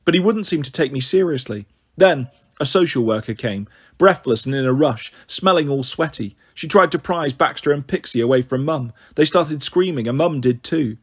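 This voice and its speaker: A man narrating a children's novel as an audiobook, in a steady, measured reading voice. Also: on the high side, breathy edge. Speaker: storyteller.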